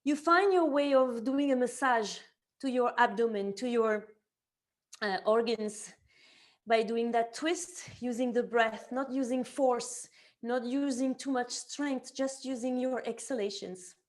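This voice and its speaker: A woman teaching a yoga class, calmly cueing each movement to the breath and gently offering options. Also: on the high side, a little slow. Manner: calm step-by-step cueing tied to the breath. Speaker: yoga teacher and somatic therapist. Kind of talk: guided yoga class instruction.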